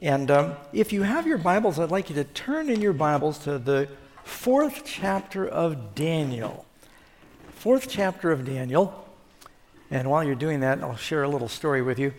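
A man's voice: fairly high pitch, very animated, moderate pace. Preacher man in an echoing hall. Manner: folksy storytelling, conversational. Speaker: pastor. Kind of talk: sermon.

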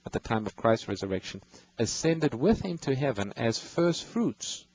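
A man's voice: medium pitch, big pitch swings, normal speed, a little mellow, breathy edge, low-quality recording. A man hosting a radio Bible call-in show, patiently explaining scripture and reading verses to callers.

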